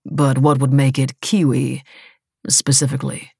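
A woman voicing a calculating male billionaire who speaks politely and sparingly, close to her own low voice. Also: little pitch movement, creaky, darkish tone, husky, dry recording. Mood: cool. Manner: measured, polite, dry.

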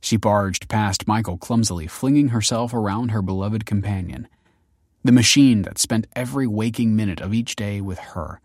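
A man reading a story aloud in measured, scripted audiobook narration. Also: fairly low pitch, a little mellow, dry recording, clean studio sound.

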